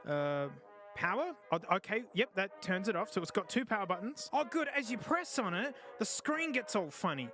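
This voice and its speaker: Brief: male streamer, high and bright, jokey, excitable gamer chatter. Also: normal speed, soft background music. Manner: excitable, jokey, yelps and groans at the game. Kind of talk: casual live-stream gaming commentary.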